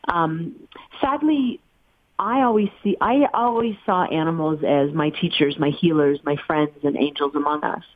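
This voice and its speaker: Middle-aged woman, low and earnest, heartfelt storyteller; tinny dry phone line. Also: dry recording. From United States. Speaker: guest, animal sanctuary founder. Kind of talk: telling her life story in an interview.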